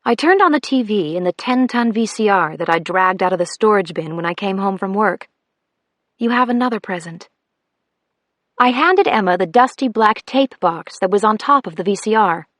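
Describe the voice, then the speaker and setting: Female audiobook narrator, first-person, wry and measured, close dry mic. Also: medium pitch, expressive, a bit bright, no echo.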